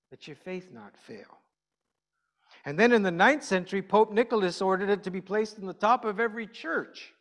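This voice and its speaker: High-voiced pastor in a reverberant hall. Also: male voice, fairly bright tone. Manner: chatty, asks the congregation questions. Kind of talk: conversational sermon.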